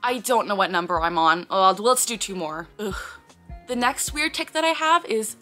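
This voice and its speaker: A woman vlogger talks casually to the camera in a bright, clear tone at an ordinary middle pitch. She explains things earnestly, often breaking off with sudden blurted words and sighs. Faint music plays behind her. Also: expressive, normal speed.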